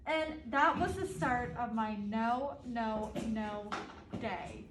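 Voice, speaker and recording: High-voiced woman reading to kids. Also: slow pace, fairly bright tone, a little hiss or hum. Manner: asks the children questions between pages. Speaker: storybook reader. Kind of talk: reading a picture book aloud to children. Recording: echoey room, distant mic, faint ambience.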